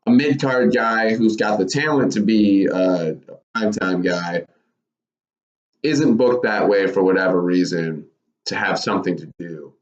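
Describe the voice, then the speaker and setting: A man's voice: low voice, unhurried. A man casually giving his thoughts on wrestling for his channel, rambling with lots of self-corrections. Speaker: wrestling commentary YouTuber. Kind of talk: casual spoken commentary. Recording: roomy, dull lo-fi.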